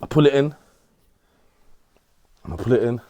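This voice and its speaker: A man's voice: mid-range voice, normal speed, mellow, no echo. Middle-aged man telling a rambling story. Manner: rambling, repeats himself, London street slang. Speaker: interviewee. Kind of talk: casual storytelling.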